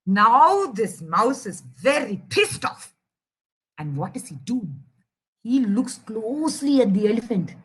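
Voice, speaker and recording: A young Indian woman telling a children's story, animated and chatty, speaking straight to the kids listening. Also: fairly high pitch, a little slow, husky. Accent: Indian English. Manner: animated, addresses kids directly.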